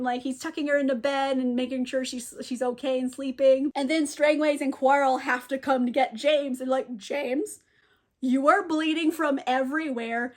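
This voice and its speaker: A young woman casually retelling a novel's plot, with lots of fillers and frequent laughter. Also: high voice. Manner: laughs often, lots of fillers, quick quoted asides. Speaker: book reviewer. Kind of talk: casual book recap.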